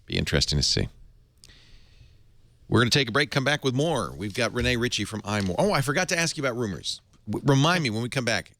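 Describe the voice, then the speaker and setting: A man's voice: medium pitch, sing-song, quick pace, fairly bright tone, slight background noise. A man hosting a tech podcast, chatting casually and reading an ad, jokey and laughing often. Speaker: podcast host. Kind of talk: casual tech podcast chat and host-read ad.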